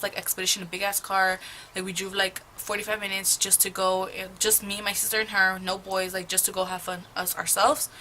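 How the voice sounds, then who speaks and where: Bright-voiced young woman, profane storytime. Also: medium pitch, slight background noise, low-quality recording. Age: young adult. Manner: rambling, profane, gossipy storytelling. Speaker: beauty vlogger. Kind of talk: get-ready-with-me storytime chat.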